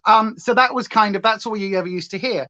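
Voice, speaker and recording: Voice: medium pitch, quick pace, bright, forceful tone. A livestream host with a Northern English accent chats casually while putting on makeup. The talk rambles from tangent to tangent in a loose, chatty way. The recording sounds a little dull and lo-fi.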